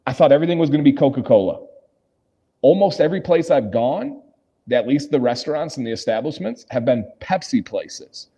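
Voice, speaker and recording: A man's voice: medium pitch, animated, brisk, dark tone, breathy edge. A man from Michigan hosting a casual livestream, answering viewer comments and laughing often, speaking from a hotel lobby. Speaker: livestream host reading chat.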